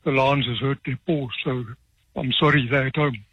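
A man's voice: medium pitch, fairly even intonation, normal speed, breathy edge, no room sound, muffled recording, lightly acted. A man voicing a bluffing lion tamer in a heavy Eastern Cape accent, made up on the spot to apologize. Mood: apologetic.

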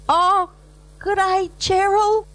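A man's voice: level tone, takes it slowly, fairly bright tone, heavily acted. Man squealing as a brash Aussie bride. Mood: gushing. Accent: Australian. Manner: shrill, squealing falsetto. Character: brash rough bride, woman, young adult. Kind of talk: comic bush poetry recital.

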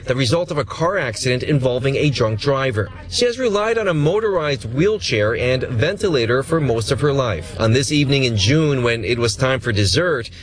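Measured male news reporter. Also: mid-range voice. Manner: even, measured newsreader delivery. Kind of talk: scripted news narration.

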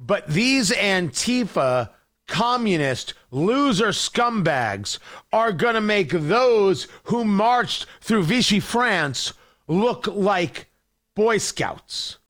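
Male talk radio host, high voice, very animated pitch, combative and mocking. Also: extremely slow. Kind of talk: opinionated political monologue.

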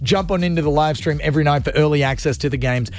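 Goofy high-voiced radio host. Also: male voice, fast. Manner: goofy, self-mocking, energetic. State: tired from no sleep. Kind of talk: radio call-in show, live-streamed.

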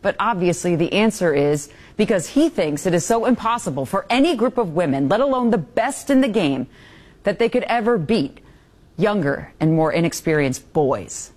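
Female TV anchor, scripted commentary, lower voice with animated intonation. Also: normal speed. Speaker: TV news anchor.

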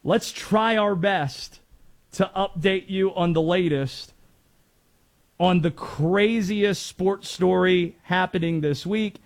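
A man's voice: high-pitched, slow pace. A man from North Carolina hosting sports talk radio in a chatty way, laughing easily and wandering into asides.

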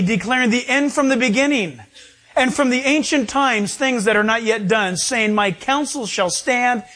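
High-voiced man preaching a sermon. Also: fairly bright tone. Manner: preaching with rhetorical questions and scripture readings. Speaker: pastor.

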